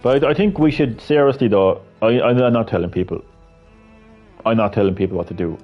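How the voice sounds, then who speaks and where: A man's voice: on the low side, a little fast, lo-fi sound, faint music behind. An Irish man giving a casual, rambling opinion monologue full of fillers and swearing. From Ireland. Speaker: video creator.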